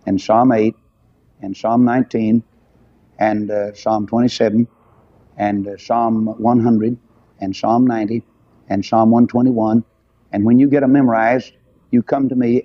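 A man's voice: medium pitch, steady tone, moderate pace, dry recording. An older man preaching a revival sermon in a folksy, emphatic way. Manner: folksy, emphatic, rising to shouts on key phrases. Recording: dull lo-fi sound.

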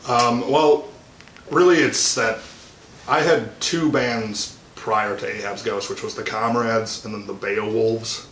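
A young man, a band musician, tells an animated story as a guest in a casual interview, chuckling as he goes. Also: lowish voice, slow. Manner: animated anecdote-telling, chuckling. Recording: echoey room, faint noise.

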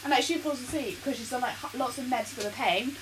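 High-voiced young woman rambling. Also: quick pace. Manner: rambling, lots of "like" and restarts. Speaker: podcast co-host. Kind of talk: casual storytelling chat. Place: home kitchen, cooking. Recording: kitchen noise, frying sizzle.

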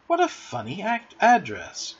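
Guy putting on a prim little girl voice, way up high, polite and a bit bossy, muffled old-sounding read-aloud. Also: huge pitch swings, measured pace, slightly rough, exaggerated voice. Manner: courteous, prim and a little patronizing.

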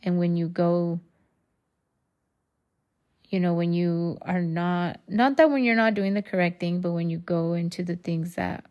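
A woman's voice: lowish voice, steady tone, unhurried, pauses often, a little mellow. A woman hosting her own podcast, talking candidly and rambling, swearing freely and calling her listeners y'all. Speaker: podcast host. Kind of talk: casual solo podcast monologue.

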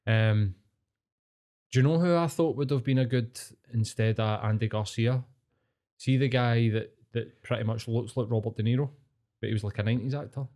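A man's voice: mid-range voice, moderate pace. A young man with a Scottish accent, co-hosting a podcast in casual, rambling chat and swearing freely. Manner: swears a lot, rambling and animated. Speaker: podcast co-host.

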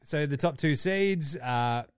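A man's voice: on the high side, animated, slow pace, clean tone, no room sound, clean studio sound. A man co-hosting a casual sports podcast, rambling, swearing and laughing as he talks. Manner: profane, rambling, laughs often. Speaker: podcast co-host.

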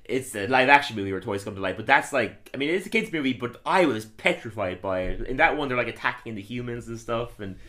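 A man's voice: medium pitch, expressive, fast talker, few pauses, bright, forceful tone. A man hosting a podcast in casual, rambling chat, often stammering over restarts. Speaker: podcast host.

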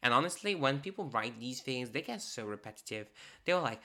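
A woman talking casually and playfully about an artist's work, with sassy, animated asides. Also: extremely low pitch, fairly quick.

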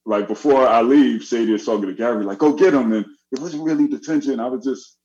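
A middle-aged man telling a story in casual chat, animated and acting out the voices of the people in it. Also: mid-range voice, brisk. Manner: animated, acts out quoted voices. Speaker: guest. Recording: dull lo-fi audio.

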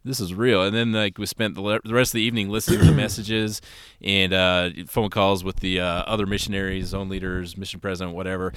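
A man co-hosting a podcast, telling a personal story in a relaxed, rambling way with lots of fillers. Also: deep voice, quick pace, clear, resonant tone, dry recording. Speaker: podcast co-host. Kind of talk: casual storytelling chat.

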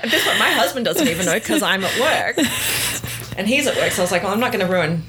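A middle-aged woman chats casually, telling a story with lively energy. She acts out what other people said as she goes. A little faint noise sits behind her voice. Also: mid-range voice, quick pace. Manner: animated, acts out quoted dialogue. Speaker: guest sharing her story.

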